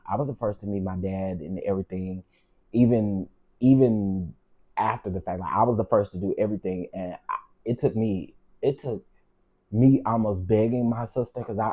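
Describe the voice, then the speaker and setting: A channel host with a warm, lowish voice and moderate pace tells personal stories as emotional commentary. He speaks frankly and heatedly, repeating himself the way a preacher would.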